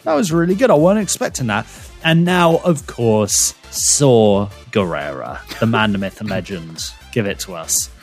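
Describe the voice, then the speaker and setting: A man's voice: fairly low pitch, sing-song, moderate pace, soft background music. A man, hosting a podcast game with playful, teasing banter. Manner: playful, teasing, sing-song emphasis. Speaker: podcast host. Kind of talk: casual game-show banter.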